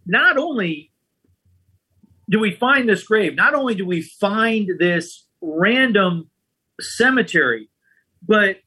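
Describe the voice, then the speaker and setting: A husky-voiced man hosting a casual chat, telling a story in a lively, chatty way. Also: high voice. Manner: lively, chatty, often adds "right?" and "man".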